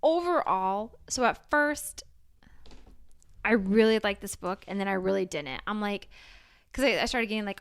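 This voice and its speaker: A woman's voice: mid-range voice, lively intonation, moderate pace, long pauses, smooth. A woman on a comics podcast, chatting casually and animatedly with many fillers. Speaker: podcast co-host. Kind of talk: casual chat.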